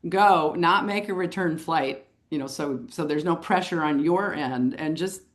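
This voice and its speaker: A middle-aged woman telling a story in an interview, animated and chuckling as she goes. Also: low-pitched, unhurried. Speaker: photographer and author, interview guest.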